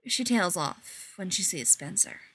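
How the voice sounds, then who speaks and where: A woman narrating a short story in an unhurried, expressive way. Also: lowish voice, husky.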